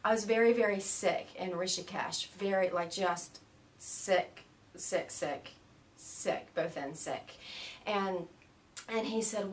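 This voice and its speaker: An American woman tells her travel stories in a relaxed, chatty way, lively and quick to laugh as she slips into other people's voices. Her voice sits at an everyday middle pitch. She is recorded from a little way off the mic, with a faint hiss of background noise. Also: far from the mic. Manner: animated storyteller, laughs often, mimics voices in quotes. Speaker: interview guest. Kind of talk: casual storytelling in an interview.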